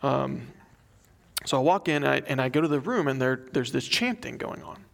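A man's voice: medium pitch, expressive, moderate pace, creaky. A young adult man preaching a sermon, reading a prayer aloud and telling a story in an earnest, conversational way. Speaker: pastor.

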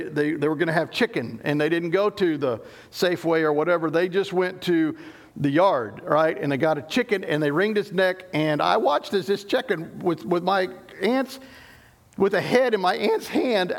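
A middle-aged Southern US pastor preaches in a notably high voice with a gravelly, creaky edge. He teaches emphatically, pausing to restart phrases as he explains.

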